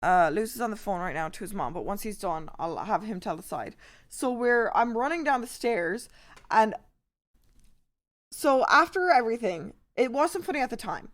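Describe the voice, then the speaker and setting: A young woman streaming to her chat, rambling through a story with heavy swearing and animated retelling. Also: on the high side, normal speed.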